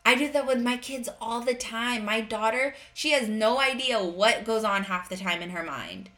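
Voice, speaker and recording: A woman's voice: fairly high pitch, normal speed, a bit bright. A woman in her thirties hosting a parenting podcast, speaking earnestly and directly in a conversational monologue.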